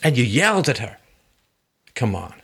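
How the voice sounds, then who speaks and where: A man hosting a call-in advice show, talking forcefully and repeating his points for emphasis. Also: mid-range voice, big pitch swings, moderate pace, vocal fry, husky.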